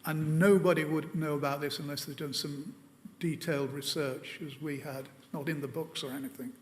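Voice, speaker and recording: A man's voice: a little high, big-room sound, slight background noise. A man giving an illustrated presentation to an audience. He tells wry anecdotes and often hesitates with fillers. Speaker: lecturer.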